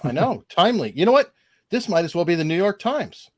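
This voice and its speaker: A man hosting a casual legal panel over a video call, animated and joking. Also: sits high, no room sound, clean studio sound. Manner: animated, laughing, quick asides. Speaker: host.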